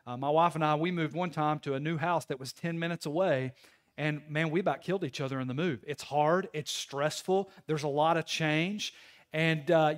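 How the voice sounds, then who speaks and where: A man, a pastor preaching a sermon in a conversational, storytelling way with sudden loud bursts. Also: fairly high pitch.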